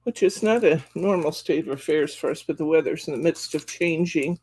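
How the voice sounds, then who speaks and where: A man's voice: a little high, brisk, a little mellow, breathy edge. A man hosting a live craft demonstration in a chatty way, laughing often and greeting viewers by name. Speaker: craft class host. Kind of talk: live craft demo chat.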